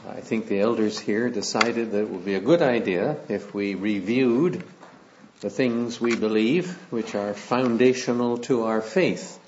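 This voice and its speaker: A middle-aged man preaching a sermon in a measured way, with frequent hesitant fillers. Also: on the low side, darkish tone, slight background noise. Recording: slightly dull, lo-fi recording.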